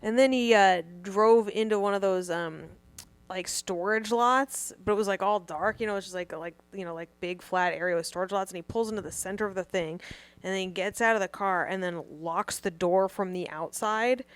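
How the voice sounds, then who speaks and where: A woman co-hosting a comedy podcast, telling a long story in a loose, animated way, full of swearing. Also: mid-range voice, normal speed, smooth, dry recording. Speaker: podcast co-host.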